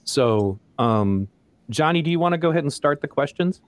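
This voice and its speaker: A man hosting a podcast interview, introducing his guests in an earnest, measured way. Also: a little high, expressive, dry recording. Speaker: podcast host.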